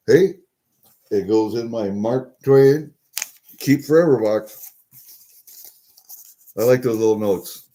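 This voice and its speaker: An older man's mid-range, dark-toned voice moves slowly, with long pauses, as he chats on a live stream. He opens packages at his desk, rambling and greeting viewers, captured by his webcam.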